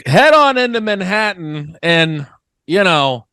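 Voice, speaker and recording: A man's voice: sits high, very animated, slow pace, sharp tone, smooth, no room sound. A man co-hosting a comedy podcast, joking in a dry, mock-serious, riffing way. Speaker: podcast co-host. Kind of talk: casual comedy chat.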